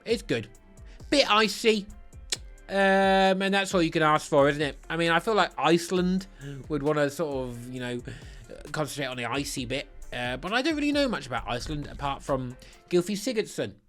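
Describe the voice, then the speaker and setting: A man's voice: fairly high pitch, lively intonation, normal speed, a bit bright, faint music behind. A man giving casual, playful ranking commentary on football kits, giddy and self-mocking, often stuttering and restarting. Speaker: football kit reviewer.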